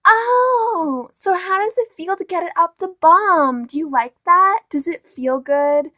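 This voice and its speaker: A teenage girl mimicking a crude, nosy stranger with a high, mocking, leering voice. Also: unhurried, bright, forceful tone, no echo, studio quality, heavily acted. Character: crude, nosy stranger asking rude questions.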